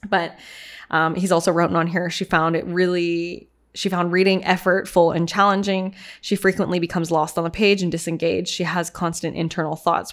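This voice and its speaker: A young adult woman from Canada, casually telling a personal story to her viewers, candid and rambling, laughing at herself. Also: lowish voice. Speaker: vlogger sharing personal story.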